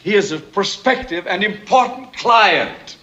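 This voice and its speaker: Stammery nervous bank manager, bit high, dull old tv sound. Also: male voice, lively intonation, unhurried, pushed and bright, full character voice. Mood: flustered. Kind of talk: 1960s sitcom acting.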